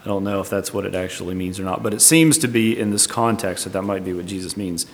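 A man's voice: sits low, quick pace. A man preaching a Bible teaching sermon, explaining verse by verse in a thoughtful, tentative way. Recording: long reverb.

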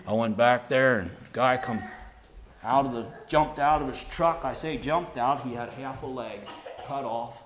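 A man preaching an emphatic sermon and telling a personal story, moving between soft earnest talk and loud, stressed lines. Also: mid-range voice, normal speed, a little hiss or hum. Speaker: pastor.

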